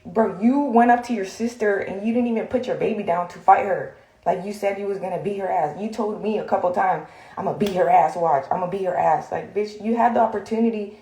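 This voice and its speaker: A social media vlogger rants heatedly straight to her phone camera, blunt and profane, rambling with lots of fillers. Her mid-range voice is brisk and mellow, and the room is echoey.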